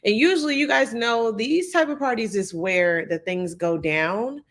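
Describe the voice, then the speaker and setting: A woman's voice: on the high side, unhurried. A young woman chatting casually through a show recap, acting out what people said. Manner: chatty, animated, acts out quotes. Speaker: reality show recap host. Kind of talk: casual chat, live recap.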